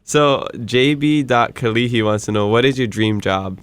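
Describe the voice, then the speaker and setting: A man's voice: medium pitch, moderate pace, clean tone, dry recording, studio quality. A man hosting a podcast, friendly and affirming, reading listener questions and laughing a lot. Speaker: podcast host. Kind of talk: casual interview chat.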